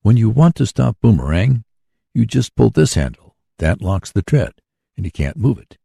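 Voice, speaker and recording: Eager young inventor, read by a man, deep voice, lively pitch, brisk, storybook reading. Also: gravelly, husky, no echo, clean studio sound, full character voice.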